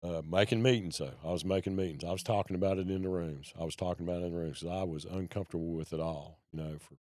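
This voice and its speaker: A man's voice: sits low, steady tone, quick pace, a little mellow, no echo, clean studio sound. A man, a podcast guest telling a personal story in a folksy, plain-spoken way.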